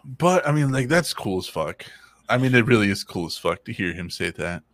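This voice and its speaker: A man's voice: fairly low pitch, big pitch swings, moderate pace, fairly bright tone, no echo. A man co-hosting a casual chat, rambling and swearing freely, often laughing. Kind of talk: casual banter.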